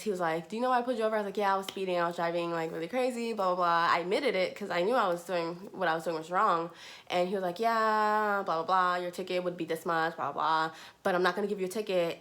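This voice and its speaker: A young woman studying nursing tells her viewers a casual story to camera in a mid-range, fairly bright voice. She's chatty and leans heavily on "like" and "you know."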